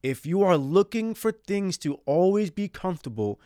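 A man's voice: high voice, big pitch swings, a little slow, mellow, no room sound, studio quality. A man hosting his own podcast, talking earnestly and a bit rambling about faith and failure. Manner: earnest, rambling, self-reflective. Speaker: podcast host.

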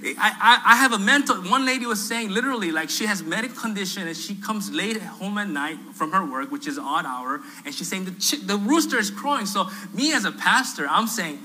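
Male pastor, fairly high, very bright and forceful tone, lively storyteller who acts out quotes with humor. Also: brisk, hardly any pauses, poor audio. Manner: animated, acts out quoted voices, self-deprecating humor. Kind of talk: storytelling sermon. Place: church sanctuary.

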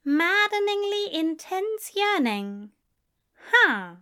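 A woman's voice: extremely high pitch, very animated, slow pace, pushed and bright, pitched above the performer's own voice, exaggerated voice. A woman voicing a genteel, fussy male angel who is fond and lightly teasing, in a read-aloud story. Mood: fond, prim. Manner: prim, affectionate, lightly teasing. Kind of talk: audiobook reading.

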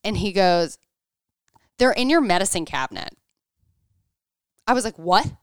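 A woman's voice: mid-range voice, animated, a little slow, clean tone, no echo, studio quality. A woman in her thirties in casual chat, telling a story animatedly, acting out quotes and saying "like" a lot.

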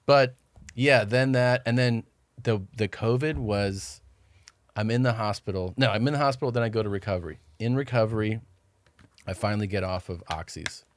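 Low-voiced man telling a rambling story. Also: normal speed. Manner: rambling, swears, acts out quoted dialogue. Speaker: podcast guest. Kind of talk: casual storytelling chat.

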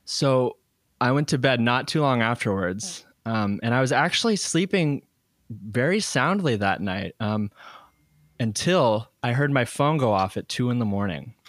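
A man's voice: mid-range voice, expressive, a little slow, a bit bright, no echo, studio quality. A man hosting a comedic podcast, telling stories in a joking, rambling way with frequent ums. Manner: joking, storytelling, frequent laughs and filler ums. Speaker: podcast host. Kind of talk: casual comedic podcast chat.

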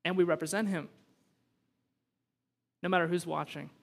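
A man preaching a sermon as pastor, moving between relaxed storytelling asides and animated, rising emphasis. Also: high-pitched, moderate pace, vocal fry, long reverb tail.

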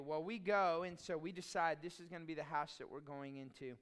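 A man's voice: a little high, steady tone, a little fast, a bit bright. A man preaching a sermon as pastor, in a conversational, storytelling way with chatty asides.

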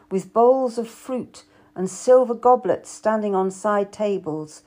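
A woman's voice: medium pitch, mellow. A woman narrating a historical novel in the first person, reading expressively. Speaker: audiobook narrator.

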